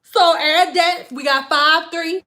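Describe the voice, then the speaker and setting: Giggly high-voiced woman vlogger. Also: steady tone, takes it slowly, sharp tone. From Detroit. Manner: giggly, rambling, laughs a lot. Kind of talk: casual livestream chat.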